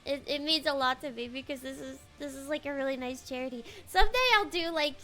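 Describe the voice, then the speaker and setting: A young woman streamer chatting casually on a live stream, rambling and halting, often repeating her words. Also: sits high, sharp tone, soft background music.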